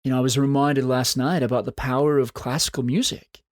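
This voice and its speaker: A man's voice: mid-range voice, fairly even intonation, fairly quick, darkish tone, no room sound, clean studio sound. A man hosting a solo podcast, talking in an earnest, encouraging way and repeating phrases for emphasis. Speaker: podcast host. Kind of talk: solo motivational podcast talk.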